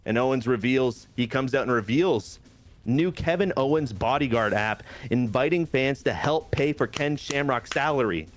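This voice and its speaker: A man's voice: medium pitch, moderate pace. Hyped man narrating a wrestling game. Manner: hyped, playful, says "baby" a lot. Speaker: host. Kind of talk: casual game commentary.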